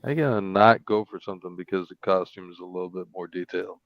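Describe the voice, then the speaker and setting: A man's voice: low voice, fast talker, no echo, dull audio. A man chiming in with teasing comebacks on a drawing stream. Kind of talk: casual chat on a drawing stream.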